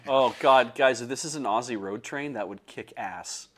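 A man's voice: medium pitch, normal speed. A man playing along in a tabletop stream, chatting casually and eagerly explaining details. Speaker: tabletop game player. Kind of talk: casual game chat.

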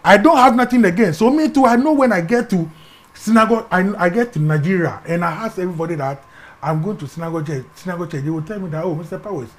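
A middle-aged man with a Ghanaian English accent, telling his personal story as an interview guest, animated and acting out the voices in it, often dropping to a hush. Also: sits high, fast.

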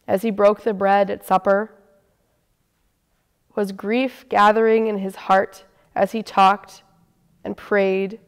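A woman giving a measured, unhurried Good Friday scripture reading in a church. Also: mid-range voice, smooth. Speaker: scripture reader. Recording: long reverb of a church.

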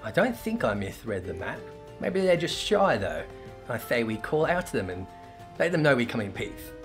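For a fantasy game read-through, a man voices a bubbly, trigger-happy young female assistant, raising his mid-range voice into a perky, eager, cheery delivery. He's very animated at a moderate pace, his voice sounds natural, and faint music plays behind him.

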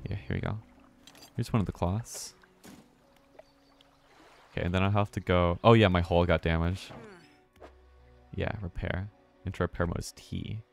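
A man's voice: low voice, steady tone, moderate pace, vocal fry, pauses often, soft background music. A man streaming a game live, commenting casually, muttering to himself and swearing when startled.

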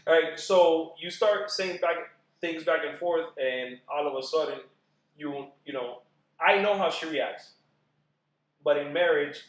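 A man chatting as a podcast guest about marriage, animated and acting out quoted voices as he talks. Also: mid-range voice, reverberant, rough recording. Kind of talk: casual podcast chat.

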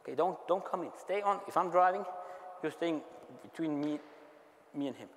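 A man with a German accent coaching basketball players through defensive drills, explaining calmly and calling out short repeated commands. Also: on the high side, a little hiss or hum. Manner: instructive, shouts quick repeated commands during drills. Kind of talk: on-court coaching clinic. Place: large indoor basketball gym. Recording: long reverb of a large gym. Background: basketballs bouncing.

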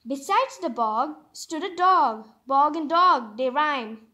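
A woman's voice: high voice, takes it slowly, bright, forceful tone. A woman reading a picture book aloud, singing a rhyming refrain and adding chatty asides. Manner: chatty asides between read passages, with small slips. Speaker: storybook reader.

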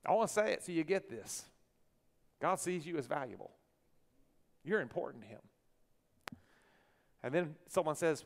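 A pastor preaching a sermon, swinging from hushed lines to loud bursts. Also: male voice, mid-range voice, lively intonation, brisk, gravelly, pauses often. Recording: long church hall reverb.

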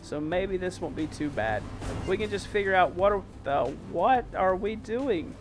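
Male gaming host, higher register, exclaiming through play over faint game music. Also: a little slow. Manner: excitable, exclaiming, mild self-censored oaths. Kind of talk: let's play commentary.

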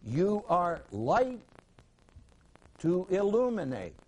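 Male Bible teacher, high and very lively delivery, emphatic, quizzes his class. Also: slow, lo-fi sound. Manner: emphatic, rhetorical questions, repeats words for stress.

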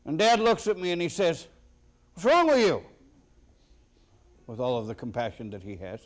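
A man preaching a sermon as a pastor, slow and deliberate with sudden loud emphatic bursts. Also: medium pitch, sing-song.

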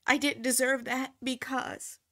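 Bright-voiced woman speaking slowly and earnestly. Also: high voice, little pitch movement. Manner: halting and earnest, repeating phrases for emphasis. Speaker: former reality TV cast member. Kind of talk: emotional personal reflection.

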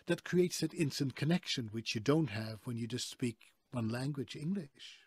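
A man's voice: medium pitch, normal speed. A man with a Dutch accent, telling stories as a guest in a casual interview. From Netherlands. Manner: lively, expressive storyteller. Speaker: guest, voice actor.

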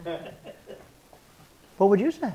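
Male seminar preacher with a somewhat high voice. Shifts from forceful teaching to soft, gentle apologies. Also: very animated, slow pace, slightly rough, lo-fi sound. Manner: swings from loud emphatic teaching to soft quiet role-played apologies; chuckles between points. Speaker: marriage seminar speaker. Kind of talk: sermon-style teaching.

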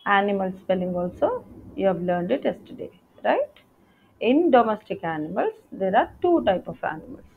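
A woman's voice: medium pitch, very animated, moderate pace, gravelly, a little hiss or hum. A woman teacher giving a patient lesson to young schoolchildren, spelling out words letter by letter. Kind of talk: online class lesson for young children. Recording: tinny phone-like audio.

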